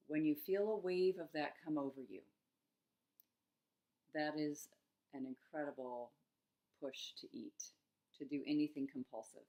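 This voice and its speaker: A middle-aged woman coaching on eating struggles in a gentle, musing self-help talk, with soft laughs between thoughts. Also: deep voice, measured pace, long pauses.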